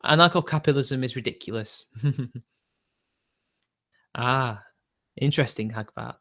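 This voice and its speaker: A man streaming casually answers viewers' questions in a rambling, opinionated way, breaking into laughter between remarks. His voice is medium in pitch with a sharp tone and a measured pace.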